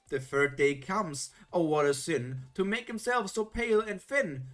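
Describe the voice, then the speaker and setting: A woman's voice: on the low side, expressive, normal speed, few pauses. A woman streamer reading old children's rhymes aloud in a playful, theatrical way, adding joking comments between them. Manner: playful, theatrical, jokey asides.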